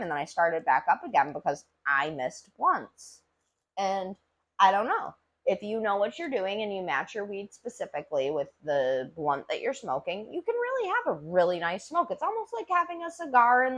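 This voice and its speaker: A woman's voice: medium pitch, fairly bright tone. A woman hosting a casual solo podcast, rambling and chatty with lots of filler words and casual swearing. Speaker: podcast host reviewing cannabis.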